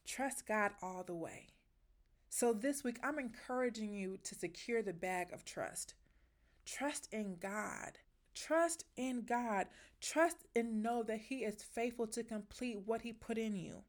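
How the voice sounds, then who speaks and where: A woman's voice: fairly high pitch, a little slow. A woman hosting a faith podcast, talking in an emphatic, heartfelt, preacherly way and sounding emotional as she encourages listeners. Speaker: podcast host.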